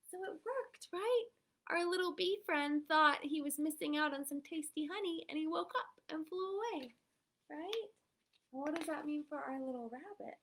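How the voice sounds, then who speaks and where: A woman from the United States reading a picture book aloud to children, animated and often checking in with "right?". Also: high voice, normal speed. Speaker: story reader.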